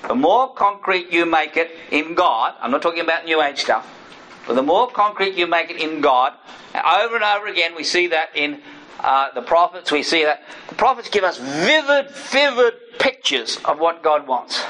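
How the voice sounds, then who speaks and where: His voice is fairly high, bright, forceful, and expressive, moving at a normal speed over poor-quality audio. This middle-aged man, once a missionary, preaches an earnest lesson, acting out quoted prayers and speech and repeatedly asking "right?" as he restates his points.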